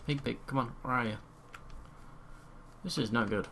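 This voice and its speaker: Commenting casually on his own gameplay, this young man speaks at normal speed in a creaky, medium-pitched voice, pausing often and muttering the same words to himself. Loud keyboard typing comes through his home mic, along with slight background noise.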